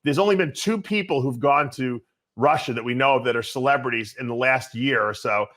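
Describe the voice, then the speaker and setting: A man hosting a podcast, chatting casually and quickly, often repeating words as he restarts his sentences. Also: medium pitch. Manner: fast, animated, repeats words when restarting. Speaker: podcast host. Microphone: video call podcast.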